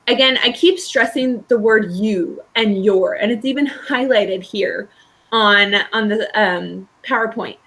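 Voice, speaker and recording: A woman's voice: fairly high pitch, poor audio. Woman counselor giving a webinar talk. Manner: conversational, reassuring, frequent "right?" and "um". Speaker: school counselor. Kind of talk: webinar presentation.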